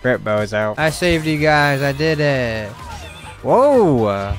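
Excitable young man with slow, slangy game commentary. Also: mid-range voice, faint music behind. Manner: excitable, slangy reactions with sudden loud outbursts. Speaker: gaming streamer. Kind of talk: let's play commentary.

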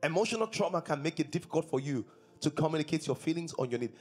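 A male pastor delivers a sermon in a husky, somewhat raised voice. He repeats his points and poses questions to his listeners. Faint music plays softly in the background. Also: on the high side, lively intonation, fast talker. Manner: preaching with repetition and rhetorical questions to the congregation. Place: church service.

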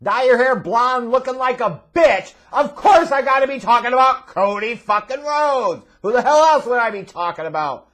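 Very high-voiced man ranting profanely. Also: lively intonation, moderate pace, hardly any pauses, a bit bright. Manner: profane, sarcastic, exasperated. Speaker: wrestling show reviewer. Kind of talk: ranting video review.

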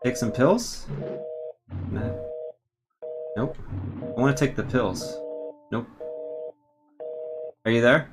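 Slow-talking man streaming a horror game. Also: mid-range voice, heavy background noise. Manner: drawling, laughing, swears when startled. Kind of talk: live gameplay commentary. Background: loud game music.

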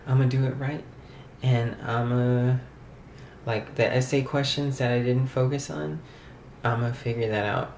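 A man's voice: medium pitch, fairly even intonation, unhurried, gravelly, darkish tone, a little hiss or hum. A young man talking casually to his camera at home as a vlogger, rambling with lots of fillers. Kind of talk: casual vlog talk to camera. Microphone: camera mic. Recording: roomy camera audio.

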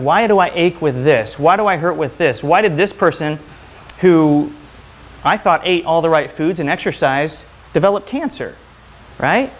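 A man giving a motivational health talk to a live audience, firing question after question at the room. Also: fairly high pitch. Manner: energetic, asks the audience many questions. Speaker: health speaker.

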